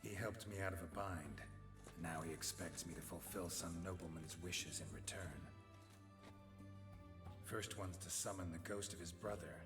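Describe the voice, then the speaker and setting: Guy voicing a deep gruff witcher, calm and dry, game music clearly behind. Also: moderate pace, natural voice. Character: gruff weary male witcher, middle-aged.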